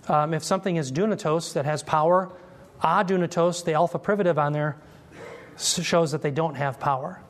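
A man teaching an expository sermon, explaining Greek terms slowly and asking his listeners questions as he goes. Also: fairly high pitch, fairly even intonation. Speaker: Bible teacher.

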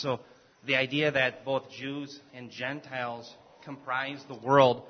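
Flat-voiced man citing scripture. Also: mid-range voice. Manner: measured, cites scripture. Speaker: class participant. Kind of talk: class discussion comment. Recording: muffled lo-fi recording.

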